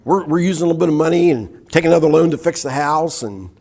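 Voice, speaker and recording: An older man giving a personal testimony in church. He tells his story with a husky voice, acting out what was said and laughing at himself. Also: a little high, quick pace, a little mellow.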